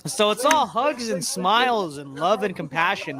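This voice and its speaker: A man's voice: sits high, big pitch swings, moderate pace, hardly any pauses, a loud crowd. A man hosting a political commentary show who talks in a sarcastic, mocking way, with lots of fillers and restarts. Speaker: host.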